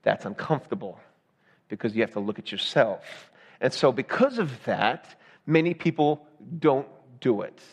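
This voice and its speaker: A man's voice: medium pitch, animated, normal speed, husky. Man preaching in a reverberant hall. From Southern United States. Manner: conversational, keeps asking the congregation "right?". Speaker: pastor. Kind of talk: sermon.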